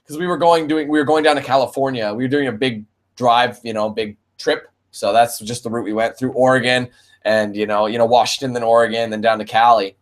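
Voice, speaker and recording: A man's voice: medium pitch, steady tone, a little fast. Laid-back Canadian streamer guy. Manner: laid-back and profane, calls viewers man and bro. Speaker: gaming streamer answering viewer questions. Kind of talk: casual live-stream Q&A.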